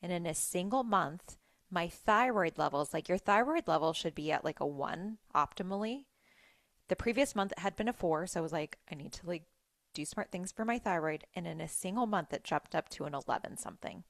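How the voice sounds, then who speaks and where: A woman hosting a podcast, telling a personal story in a chatty, animated way with lots of "like"s. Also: lowish voice, a little fast, no echo, clean studio sound. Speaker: podcast host. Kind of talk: casual solo storytelling.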